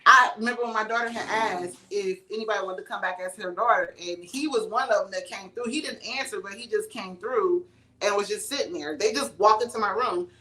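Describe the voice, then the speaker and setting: A woman's voice: mid-range voice, fairly quick. A woman speaking as a psychic medium guest in a casual livestream interview, telling stories and acting out the voices of the people in them. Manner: animated storyteller, acts out quoted voices.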